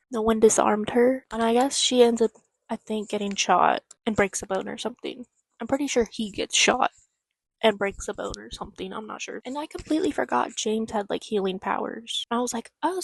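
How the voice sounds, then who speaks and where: A woman's voice: fairly high pitch, fairly even intonation, normal speed, dry recording. Chatty young woman recapping a book. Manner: chatty, swears casually, acts out characters' lines. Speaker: book vlogger. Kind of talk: casual spoiler recap.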